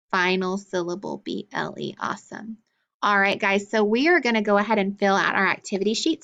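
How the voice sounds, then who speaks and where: A woman teaching phonics to young children, breaking words into syllables and drawing each sound out. She is patient and encouraging, and her voice sits at a middle pitch for a woman. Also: fairly bright tone.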